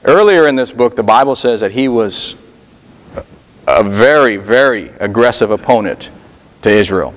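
A male pastor preaching a sermon in a conversational style, often pausing on fillers and restarting his sentences. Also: fairly low pitch, lively intonation, long reverb tail. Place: church sanctuary.

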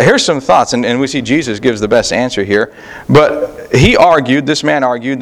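A man preaching a sermon, pausing often with fillers and repeated words, reading Bible verses in old-fashioned wording. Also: medium pitch. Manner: reads scripture in King James wording. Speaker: pastor.

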